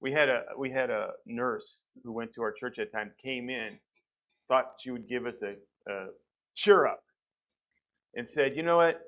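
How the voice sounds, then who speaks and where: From the pulpit of a church sanctuary, a church member shares his personal testimony in a medium-pitched voice at a measured pace, with lo-fi sound. He tells the story conversationally and acts out what the doctors said.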